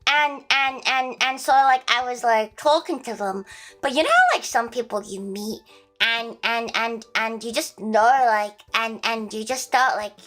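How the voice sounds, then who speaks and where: A woman's voice: a little high, steady tone, unhurried, a bit bright. Rambling young Australian woman streamer. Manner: rambling, many restarts and filler. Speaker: livestreamer. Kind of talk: casual storytelling.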